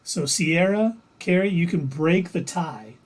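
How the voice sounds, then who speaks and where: A man with a fairly high voice co-hosts a relaxed livestream. He reads out the viewers' names and votes in an easy, talkative way. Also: a little slow, breathy edge. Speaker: co-host reading the chat. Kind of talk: casual chat.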